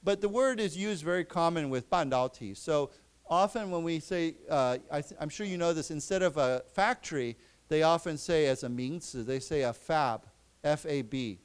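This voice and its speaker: Man teaching English, fairly high voice, smooth tone, explains and repeats words slowly. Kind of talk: classroom lesson. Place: library lecture room.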